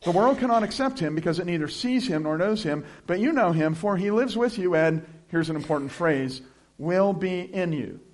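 A man's voice: high voice, expressive, fairly quick, few pauses. Conversational man preaching a sermon. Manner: conversational, chuckling asides, reads scripture aloud. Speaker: pastor.

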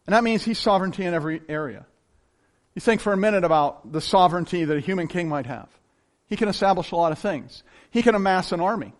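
A man's voice: sits high, fast talker. A man preaching a sermon to a congregation, acting out the quoted voices of the people he describes. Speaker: pastor.

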